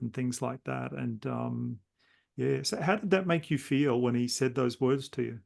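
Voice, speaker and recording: A man's voice: medium pitch, moderate pace, vocal fry. A man hosting a podcast interview, telling stories in a meandering, reflective way. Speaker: podcast host. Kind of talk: casual conversational interview.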